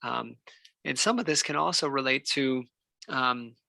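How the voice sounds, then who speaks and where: A man, a physical therapist giving a relaxed, unscripted health talk full of fillers and restarts. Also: mid-range voice, a little slow, gravelly, no echo. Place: church hall.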